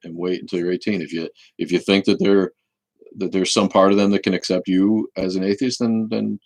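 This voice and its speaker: Man, casual livestream host, very deep voice, rambling answers, full of restarts. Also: level tone, fairly quick, darkish tone, no room sound, poor audio.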